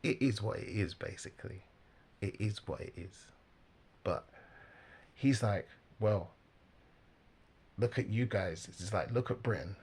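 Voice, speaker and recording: A man giving casual, animated religious commentary, laughing often and mimicking the people he talks about. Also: lowish voice, moderate pace, pauses often, slightly rough.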